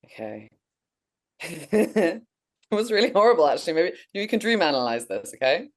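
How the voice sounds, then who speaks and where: A woman's voice: fairly low pitch, normal speed. English woman animatedly recounting a dream. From England. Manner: animated storytelling, swearing, laughing. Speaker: podcast co-host. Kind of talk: casual chat, telling a dream.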